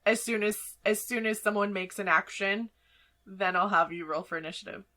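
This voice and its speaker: A woman narrating as game master for a tabletop game, chatty and quick to laugh. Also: mid-range voice, pushed and bright. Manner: laughs often, chatty with fillers.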